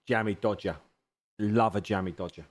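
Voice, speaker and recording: With a lowish, steady voice at normal speed, a male streamer races in a game at his home sim rig while talking with viewers. The banter is jokey and teasing, and he thanks people throughout, glad to be chatting.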